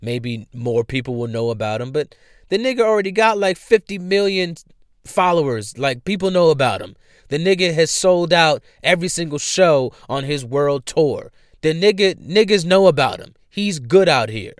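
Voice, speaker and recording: Fired-up man ranting, smooth voice. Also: a little high, animated, moderate pace, no echo, clean studio sound. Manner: profane, heated, repeats himself for emphasis. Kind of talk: ranting commentary.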